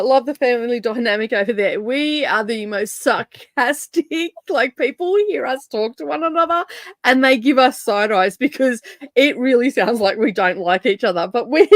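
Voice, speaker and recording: A woman's voice: on the high side, normal speed, no room sound. A woman hosting a casual reading stream, chatting in a rambling, sarcastic way and laughing often. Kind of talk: casual chat.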